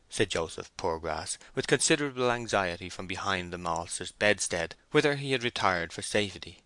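A man reading a classic novel aloud in a measured, deliberate narration. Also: low voice, animated, bright, forceful tone, no echo. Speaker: audiobook reader.

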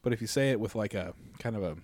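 A man's voice: lowish voice, fast, darkish tone, no echo, clean studio sound. A man co-hosting a casual comedic podcast, easygoing, laughing along and riffing on bits. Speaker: podcast co-host.

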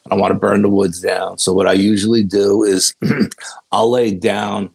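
A man with a gravelly voice, telling a long story as a guest in a casual interview, often adding "you know". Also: lowish voice, flat delivery, a little slow, darkish tone. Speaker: guest investigator.

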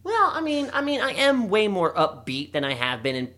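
A man's voice: sits high, wildly swooping pitch, moderate pace, sharp tone. A man co-hosting a casual podcast chat with a Baltimore accent, rambling and joking with lots of swearing. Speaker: podcast co-host.

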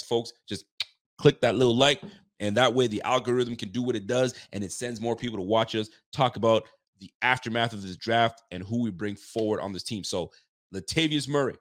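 A man's voice: on the low side, dry recording, studio quality. A man hosting a casual live-stream football talk show, chatty and repeating phrases for emphasis. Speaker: sports talk show host.

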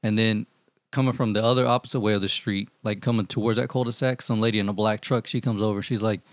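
A man telling profane, animated stories in casual chat with friends, acting out what people said. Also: on the low side, fast, dry recording. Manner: profane, animated storytelling, acts out quotes. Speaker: storyteller among friends.

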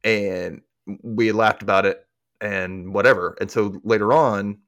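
A man's voice: lowish voice, measured pace, no echo, clean studio sound. A man hosting a podcast, chatting casually and acting out quotes from scenes. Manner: animated, acts out quotes from scenes. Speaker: podcast host. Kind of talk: casual recap chat.

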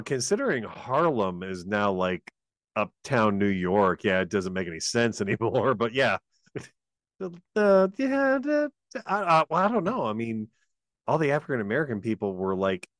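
A man with a lowish voice chats about films and reads out trivia. He laughs easily and keeps a casual tone, recorded close and dry with no room sound. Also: sing-song, unhurried, a bit bright, no echo. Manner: chatty, laughs often, reads trivia aloud. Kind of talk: casual movie chat.

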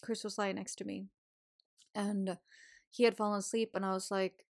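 A woman's voice: medium pitch, level tone, moderate pace, creaky. A woman hosting a wellbeing podcast, talking casually and encouragingly, swearing often and laughing now and then. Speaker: podcast host. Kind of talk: casual motivational monologue.

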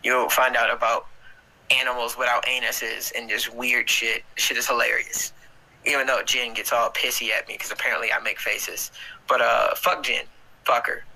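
A man's voice: medium pitch, little pitch movement, moderate pace, creaky, bright, forceful tone, poor audio. A man hosting a casual livestream, joking around crudely and swearing freely. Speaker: livestream host. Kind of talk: casual chat.

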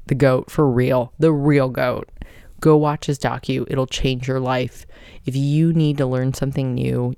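A woman's voice: rumbling low, a little mellow, no room sound, studio quality. A woman hosting a podcast, telling a rambling personal story in a casual, chatty way. She swears now and then and laughs mid-sentence. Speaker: podcast host.

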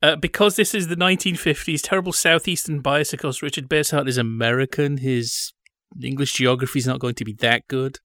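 A man's voice: mid-range voice, steady tone, fairly quick, sharp tone, no echo, studio quality. A man chatting casually as a podcast co-host, telling wry, digressive stories. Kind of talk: casual chat about old British TV.

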